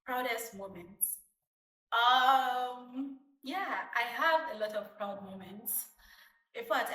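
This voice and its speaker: A young Nigerian woman in her twenties, a vlogger telling stories from her childhood in a chatty, lively way. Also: medium pitch. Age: 20s. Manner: chatty, lively retelling with acted-out quotes. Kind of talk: casual storytelling to camera. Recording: roomy, distant mic.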